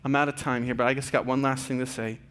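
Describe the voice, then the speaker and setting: A man in his thirties, a pastor giving a conversational, earnest sermon with fillers and restarts, going soft and quiet at tender points. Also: mid-range voice, flat delivery, fast. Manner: drops to soft, quiet tones for tender moments.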